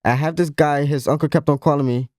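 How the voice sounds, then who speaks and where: A man's voice: fairly high pitch, fairly even intonation, quick pace, darkish tone, dry recording, clean studio sound. A man on a casual podcast, speaking earnestly and repeating phrases for emphasis. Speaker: podcast co-host.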